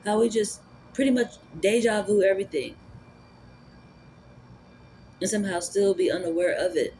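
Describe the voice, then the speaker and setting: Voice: medium pitch, normal speed, mellow, a little hiss or hum. A spiritual vlogger thinking aloud in a casual, rambling monologue, full of fillers and restarts. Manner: rambling, musing, with repeated fillers; energy and spirituality talk.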